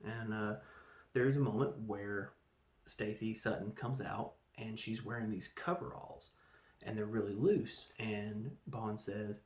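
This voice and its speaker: A man reviewing a film in a casual, rambling way, telling the story with animated, acted-out quotes. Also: lowish voice, a little slow. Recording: echoey room.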